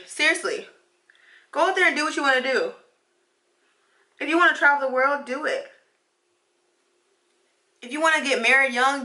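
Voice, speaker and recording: A woman's voice: on the high side, bright, forceful tone. A woman in her twenties, a beauty vlogger and law student, chatting casually while getting ready and talking emphatically, repeating phrases to drive her encouragement home. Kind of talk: casual get-ready-with-me chat.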